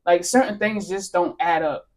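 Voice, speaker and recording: A woman speaking emphatically in a casual podcast chat, telling stories with animated, punchy delivery. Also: lowish voice, normal speed.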